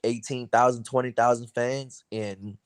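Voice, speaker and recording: A laid-back American man talks in a loose, slangy way, full of "you know what I'm saying". His voice sits at a middle pitch, and the sound is dry and close with no room around it. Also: steady tone, measured pace, smooth, no echo. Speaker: boxer, interview guest. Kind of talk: casual chat.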